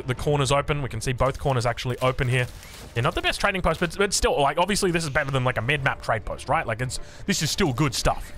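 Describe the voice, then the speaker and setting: Man, Australian accent, esports caster, fast, bright forceful voice, excitable play-by-play. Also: fairly high pitch. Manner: excitable, quick, with frequent restarts. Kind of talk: energetic game commentary.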